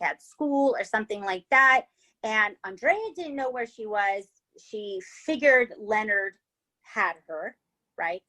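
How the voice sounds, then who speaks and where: A woman's voice: medium pitch, fairly bright tone. A woman hosting a podcast, telling a true-crime story in a casual, chatty way, swearing freely and checking in with "right?" and "okay?". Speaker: podcast host.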